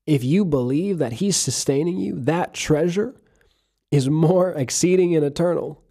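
Mellow-voiced male preacher. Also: on the high side, unhurried. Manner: earnest, emphatic preaching, reading scripture aloud. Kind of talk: sermon.

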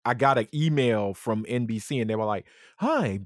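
A podcast host chatting casually, an animated storyteller who acts out quotes and laughs often. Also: medium pitch, fairly quick, no echo, studio quality. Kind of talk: casual chat.

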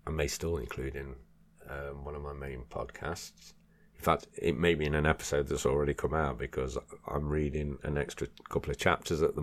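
Man, very low voice, podcast host, measured book reading, chatty asides. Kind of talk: reading aloud with casual asides.

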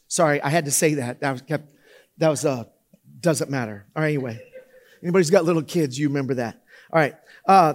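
Male pastor, relaxed conversational sermon, lots of restarts, slightly higher voice. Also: brisk, pauses often. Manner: conversational, loose, full of fillers and restarts. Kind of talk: casual sermon.

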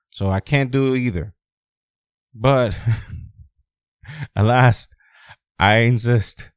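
A man hosting a solo podcast, ranting bluntly with heavy swearing, dropping low and quiet, then rising loud and high. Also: clean tone, no echo. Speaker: podcast host.

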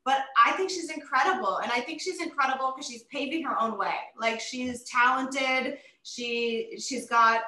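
Forties woman interview guest, animated and emotional, high and bright; echoey room. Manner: animated, emotional storytelling with many fillers. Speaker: interview guest, retired wrestler. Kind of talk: casual interview chat.

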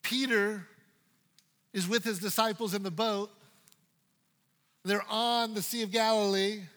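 A male pastor preaching a sermon in a playful, dynamic way, swinging from loud to hushed. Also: sits high, steady tone, unhurried, big-room sound.

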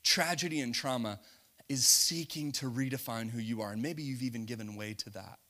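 Bright, lively-voiced male preacher. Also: a little high. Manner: animated, laughing often, acts out scenes. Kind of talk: sermon.

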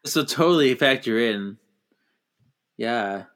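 A man's voice: medium pitch, lively intonation, slow, fairly bright tone. A man co-hosting a movie podcast, recapping scenes in casual chat and mocking the characters as he goes. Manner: retells scenes with mocking voices and laughs. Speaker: podcast co-host.

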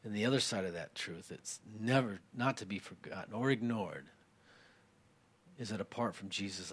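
A man preaching a sermon in a conversational way, with many fillers, growing more forceful when he reads scripture aloud. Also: fairly low pitch, moderate pace, slightly rough. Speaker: pastor.

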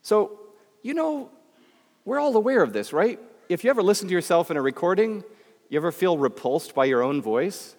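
A man with a Midwestern American accent gives a talk to an audience, joking and chatting with them directly. His pitch swings widely and stays animated. His voice rings with the long reverb of a large hall. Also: normal speed. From Michigan, USA. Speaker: speaker giving a talk.

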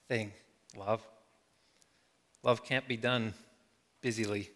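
Reflective middle-aged man preaching in a hall. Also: medium pitch. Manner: reflective, slow with soft trailing endings. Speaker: pastor. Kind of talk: sermon. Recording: long hall reverb.

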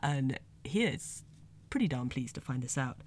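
A woman with a low voice gives a casual spoken review. She sounds chatty and analytical and pauses to unpack the meaning of foreign words. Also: lively intonation, darkish tone. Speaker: anime reviewer.

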